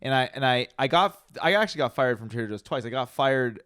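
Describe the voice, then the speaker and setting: A young man hosting a podcast, telling a long story in a profane, animated way and acting out the quotes. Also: medium pitch, fast, clear, resonant tone, no echo, clean studio sound. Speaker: podcast host. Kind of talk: casual storytelling chat.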